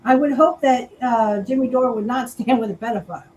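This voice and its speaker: A woman's voice: a little high, brisk, a little mellow, a little hiss or hum, low-quality recording. A woman co-hosting a casual political chat show, talking bluntly and crudely. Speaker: co-host.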